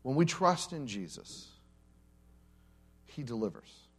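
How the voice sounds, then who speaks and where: With a mid-range voice, a slow pace, and a breathy edge, a male pastor gives a conversational sermon to his congregation. He's an animated storyteller, humorously acting out the characters' quotes.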